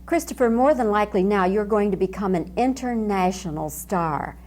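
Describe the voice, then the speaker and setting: A woman interviewing a film actor, eager, with her questions rising in pitch. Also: lively intonation, normal speed, a little mellow. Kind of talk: press junket interview.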